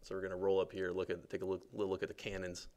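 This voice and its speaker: A man's voice: sits low, racing. A man casually guiding viewers through a game on a livestream, chatty and joking, with plenty of fillers. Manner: relaxed, chatty, lots of fillers and jokes.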